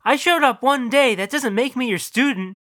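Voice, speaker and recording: A betrayed, indignant wife, played by the storyteller, who fires back sharp questions in a lifted voice. The sound is bright and edgy. The recording is dry and close. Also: sits high, normal speed, dry recording, pitched above the performer's own voice. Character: hurt, indignant middle-aged wife, a teacher.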